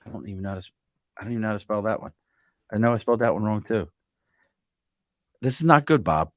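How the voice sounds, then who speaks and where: A man's voice: fairly low pitch, racing, no room sound, studio quality. A man hosting a podcast in casual chat, joking and self-mocking as he talks. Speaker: podcast host.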